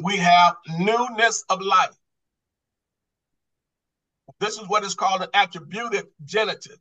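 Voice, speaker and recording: Male Bible study teacher, high and bright, quizzing style, repeats and restarts. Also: rough recording. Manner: quizzing the class with repeated questions; restarts and repeats words when stressing a point. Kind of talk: Bible study lesson on Greek grammar.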